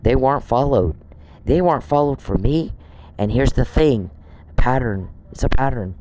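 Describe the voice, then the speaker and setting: A man's voice: mid-range voice, lively intonation, moderate pace, dark tone, poor audio. A man on a podcast, delivering an angry, profane monologue aimed straight at one person he scolds. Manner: indignant, profane, scolding someone directly.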